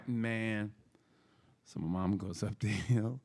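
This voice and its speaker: A man in his fifties, co-hosting a comedy podcast, telling childhood stories in a profane, animated way with sound effects. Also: lowish voice, slow pace, creaky. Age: 50s. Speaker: podcast co-host. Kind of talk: casual comedic storytelling.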